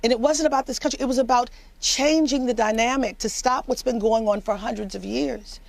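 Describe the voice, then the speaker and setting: A woman's voice: fairly high pitch, fairly quick, creaky. A woman political commentator speaking with emphatic passion on a news panel, often repeating words as she presses her point. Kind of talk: impassioned panel discussion.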